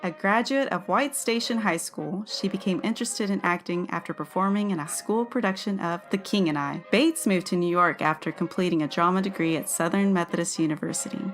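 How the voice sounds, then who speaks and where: A woman's voice: lowish voice, fairly quick, few pauses, soft background music. A woman co-hosting a podcast, reading a history segment aloud and chatting casually, given to giggles and stumbling over words.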